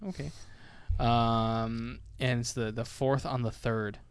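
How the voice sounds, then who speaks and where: A man's voice: medium pitch, fairly even intonation, slow pace, clear, resonant tone. Rambling, laid-back male podcast host. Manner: rambling, laughs often, swears casually. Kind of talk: casual chat.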